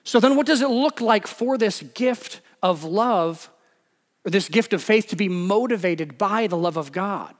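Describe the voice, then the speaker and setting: A man's voice: high voice, expressive, a little slow, in a large hall. A man preaching a sermon in a conversational way, often slipping into short acted-out quotes. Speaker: pastor.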